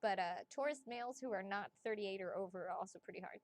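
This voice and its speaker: A woman reading as a psychic in a casual livestream chat, chatty and excitable, laughing often and swearing casually. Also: medium pitch, fast. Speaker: psychic reader.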